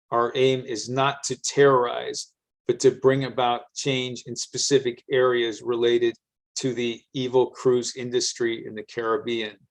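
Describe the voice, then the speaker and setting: A man's voice: mid-range voice, lightly acted, poor audio. A man voicing a formal, stern statement from a militant group in a story. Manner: formal, declaiming.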